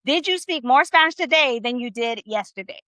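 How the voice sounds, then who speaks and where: A woman's voice: high voice, expressive, a little fast, pushed and bright, no room sound. A woman teaching a live online Spanish class over a video call. She is upbeat and encouraging, and she mixes casual slang into her teaching.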